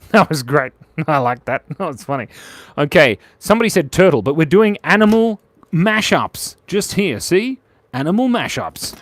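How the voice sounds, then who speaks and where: Australian man, live drawing host, giggly banter, bright high-ish voice. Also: dry recording. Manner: playful and giggly, joking with viewers. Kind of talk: casual live drawing chat.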